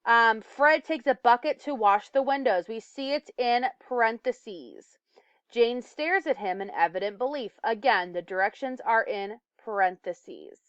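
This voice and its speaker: A woman's voice: on the high side, lively intonation, measured pace, a bit bright, clean tone, no echo, dull audio. A woman teacher giving a recorded lesson. She explains step by step and sometimes stumbles or corrects herself. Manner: self-correcting, occasional stumbles and fillers.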